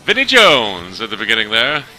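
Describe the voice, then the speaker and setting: Bright rambling gaming host. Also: male voice, lowish voice, huge pitch swings, moderate pace, faint music behind. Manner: rambling, lots of fillers and restarts. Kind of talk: casual gameplay commentary.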